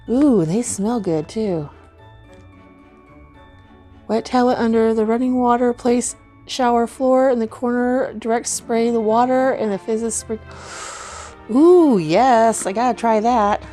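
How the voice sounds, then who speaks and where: A middle-aged woman chatting casually as she unboxes giveaway gifts, gushing with excited oohs and soft gasps. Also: on the high side, a little slow, pauses often, soft background music. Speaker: vlogger unboxing a giveaway box.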